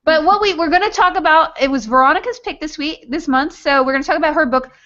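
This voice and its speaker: A woman's voice: sits high, quick pace, fairly bright tone. A woman hosting a book club on a video call, chatty and teasing, talking from her home desk. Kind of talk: casual video-call chat. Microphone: computer mic, wrong one at first. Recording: echoey lo-fi webcam call audio.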